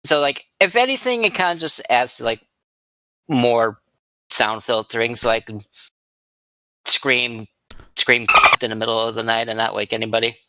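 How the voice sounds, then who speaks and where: A podcast co-host telling funny stories in an animated, giggly way. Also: medium pitch, moderate pace, pauses often, no room sound. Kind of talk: casual chat.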